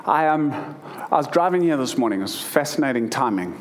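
A man's voice: mid-range voice, expressive, fairly quick, a little hiss or hum. A man in his thirties preaching a sermon, reading scripture and then telling a personal story earnestly, with emotion and frequent restarts. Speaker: pastor.

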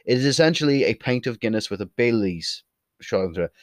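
A man's voice: mid-range voice, animated, a little fast, dry recording. Irish man, young, blunt and opinionated, swears freely, casual vlog talk, dry close sound. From Ireland. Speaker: video creator. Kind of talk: casual to-camera monologue.

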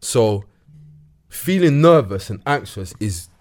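A young man with a London accent, a guest telling a story in casual chat, with lots of slang and animated retelling. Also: mid-range voice, slow. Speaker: guest actor.

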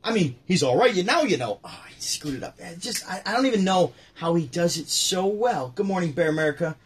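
Hosting his own show from a home setup near a window, a man talks briskly with lively intonation in a high voice, rambling casually about favorite comedians through frequent restarts and asides. A little hiss or hum is audible.

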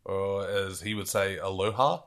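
A man's voice: low-pitched, steady tone, moderate pace, fairly bright tone. A man, joking around in casual podcast banter. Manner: jokey, playful banter. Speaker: podcast co-host. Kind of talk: casual chat.

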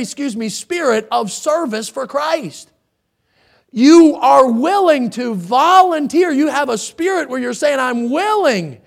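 A man's voice: very high-pitched, creaky. A male pastor preaching a sermon in church, rising to emphatic, dramatic quotations. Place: church sanctuary.

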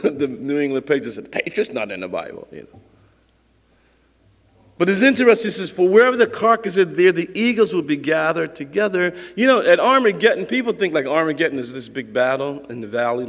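A man preaching a sermon with a notably high voice for a man, emphatic and conversational, acting out the lines he reads. His voice rings with the long reverb of a large church hall. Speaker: pastor.

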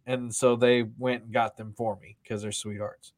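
A man telling stories in a relaxed podcast chat, his pitch sitting in an ordinary middle range. He rambles, restarts his sentences and laughs often. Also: moderate pace, hardly any pauses. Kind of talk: casual chat.

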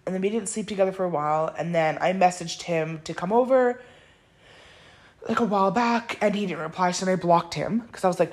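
A woman's voice: fairly low pitch, fairly quick, darkish tone. A woman hosting a podcast, talking candidly and bluntly in a casual monologue, swearing freely and often laughing. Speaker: podcast host.

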